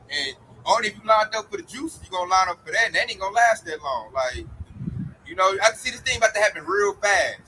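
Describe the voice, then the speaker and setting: A man's voice: high-pitched, pushed and bright, slight background noise, rough recording. A man preaching in an emphatic, slangy street style about coming judgment.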